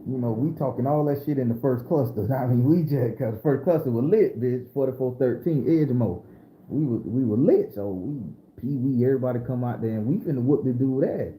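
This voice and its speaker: A man's voice: mid-range voice, fairly quick, a little hiss or hum. A middle-aged man from southern Florida, telling a story in a casual, streetwise way, full of cursing and slang. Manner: animated, profane, streetwise storytelling. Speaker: storyteller host. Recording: echoey room.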